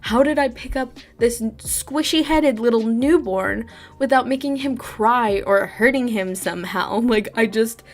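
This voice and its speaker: Chatty, high-voiced woman vlogger. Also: unhurried, soft background music. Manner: chatty, animated, laughs often. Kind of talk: casual storytime chat.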